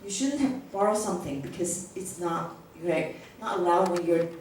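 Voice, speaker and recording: A woman's voice: lowish voice, animated, normal speed, darkish tone, a little hiss or hum. A woman leading a workshop for teachers, acting out classroom phrases and often checking in with "okay?". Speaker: teacher trainer. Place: large echoey classroom. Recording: echoey room recorded from far off.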